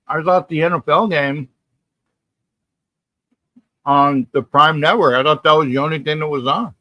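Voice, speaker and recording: A man's voice: a little high, normal speed, no echo, highs cut off. A man hosting a live sports talk stream, chatting casually and reading viewer comments, rambling and often repeating himself. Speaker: sports talk livestream host.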